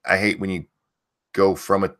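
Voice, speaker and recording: A man's voice: deep voice, flat delivery, normal speed. A man hosting a live stream, reading news aloud and mocking it with blunt, sarcastic, swear-filled commentary. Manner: blunt, sarcastic, swears often, jumps up loud in outbursts.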